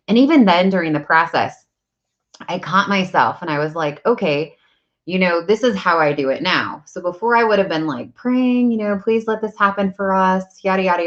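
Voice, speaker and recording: A woman with a deep, low voice talks in a loose, chatty way about her spiritual practice. She wanders through her points with plenty of fillers. The recording sounds a little dull and lo-fi. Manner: chatty, rambling, many likes and ums. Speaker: energy practitioner and coach. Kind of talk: casual spiritual talk to camera.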